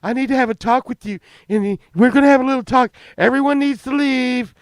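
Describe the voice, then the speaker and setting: A man putting on the voice of a shocked, flustered middle-aged mom, high and shrieking. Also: normal speed, creaky, no echo, clean studio sound. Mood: frantic.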